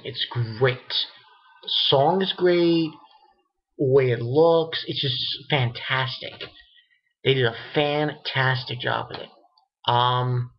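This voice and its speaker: A man giving a casual spoken recap of an anime episode, excitable and rambling, often laughing and restarting his sentences. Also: mid-range voice, highs cut off.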